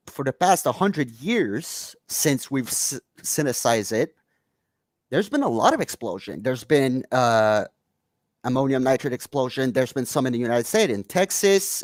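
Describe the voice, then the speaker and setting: A man's voice: medium pitch, no echo. Canadian male podcast host at home; loose, rambling, chatty delivery, dry recording. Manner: rambling, reads chat aloud, laughs often. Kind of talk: casual chat. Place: home room.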